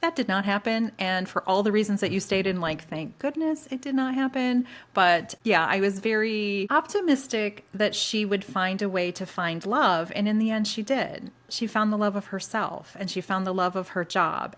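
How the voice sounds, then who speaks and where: A woman's voice: medium pitch, normal speed, hardly any pauses. Enthusiastic woman co-hosting a book chat. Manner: enthusiastic and expressive. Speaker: podcast co-host. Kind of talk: casual book discussion.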